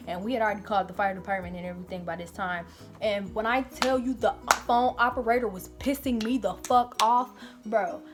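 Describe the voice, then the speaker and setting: A woman vlogger telling a get-ready-with-me storytime, talking casually and animatedly with a lot of cursing, from indoors in an apartment. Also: mid-range voice.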